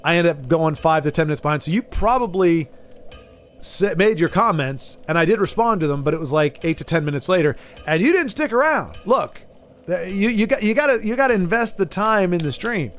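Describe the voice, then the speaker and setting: A man's voice: sits high, animated, a little fast, fairly bright tone. A man streaming a game, chatting casually with his viewers and often stammering and restarting his sentences. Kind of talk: casual live-stream chat while gaming.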